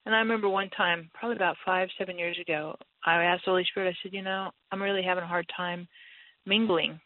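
A woman's voice: on the low side, fairly even intonation, fast, dry recording. A woman guest in a casual faith conversation, candid and laughing often as she acts out her own voice in stories. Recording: tinny phone-like line, dry.

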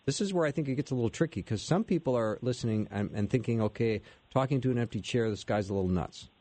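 A man hosts a Christian radio talk in a relaxed, conversational way. His voice sits at a middle pitch and sounds close and dry. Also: fast talker, dry recording. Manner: relaxed, with brief affirming murmurs. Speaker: radio host.

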